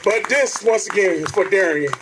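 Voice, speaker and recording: A man addresses an outdoor protest rally in an impassioned speech, earnest and preacherly, repeatedly calling out to the crowd directly. His voice sits high with lively intonation at normal speed, and background noise is audible.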